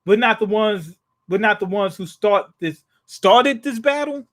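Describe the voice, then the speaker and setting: A man with a fairly high voice hosts a live comic reaction. He reads scenes aloud and retells them in loose, slangy talk. He restarts his sentences a lot and laughs them off. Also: animated, unhurried, a bit bright. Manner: casual, slangy, paraphrases scenes in his own words; frequent restarts and chuckles. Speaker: manga reaction host.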